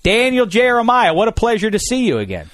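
A man's voice: sits high, wildly swooping pitch, a little fast, a bit bright, no room sound. A man hosting a casual studio podcast, jokey and playful as he introduces guests. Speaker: podcast host.

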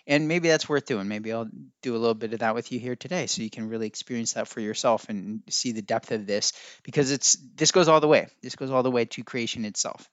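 On a dry recording, a man with a lowish voice hosts a podcast in a loose, rambling way. He muses casually and drifts off to look things up while talking.

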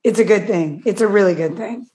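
A woman's voice: medium pitch, brisk, warm tone, a little hiss or hum. A woman in casual chat, upbeat and reassuring.

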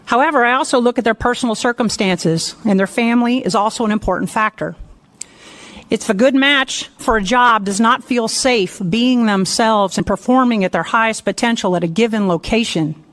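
Female senior officer, slightly higher voice, formal prepared testimony, measured delivery. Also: a bit bright.

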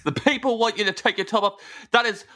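A man's voice: high voice, quick pace, pushed and bright. A man voicing a mischievous male genie of the graveyard who makes teasing, mock-solemn pronouncements. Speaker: podcast guest.

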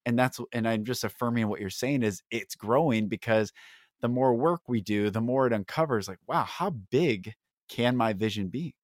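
A man's voice: medium pitch, normal speed, no echo, clean studio sound. Earnest man hosting a motivational podcast. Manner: earnest, encouraging, speaks in repeated affirmations. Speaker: podcast host. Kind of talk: heartfelt motivational conversation.

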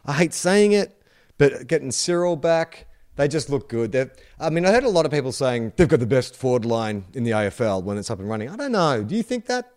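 A man co-hosting a casual sports podcast, chatty and animated, quick to laugh. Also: mid-range voice. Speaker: podcast co-host.

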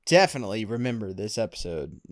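A man's voice: on the low side, big pitch swings, quick pace, no room sound. A man co-hosting a podcast, chatting casually in a dry, exasperated way. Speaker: podcast co-host. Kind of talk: casual chat.

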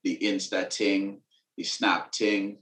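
Deep, relaxed man, casual interview guest, echoey room. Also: slow. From Venezuela. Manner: relaxed, laid-back slang, laughs between thoughts. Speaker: musician and author guest.

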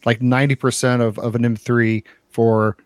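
In a relaxed podcast conversation, a male co-host talks on and on, full of repetitions and fillers like "uh" and "you know." He speaks at a moderate pace in a flat, mid-range voice, and the recording has no echo.

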